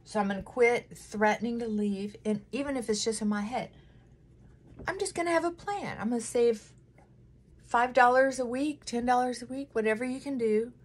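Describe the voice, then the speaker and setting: A woman's voice: fairly high pitch, moderate pace. A middle-aged woman chatting emotionally and candidly while doing her makeup at home, close to tears at times. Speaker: vlogger.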